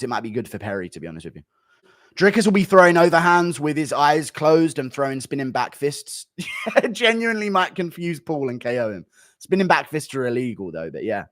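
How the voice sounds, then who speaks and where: A man, reacting to chat on a livestream, giving blunt, dismissive, rapid-fire verdicts. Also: on the high side, no room sound, clean studio sound. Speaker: streamer.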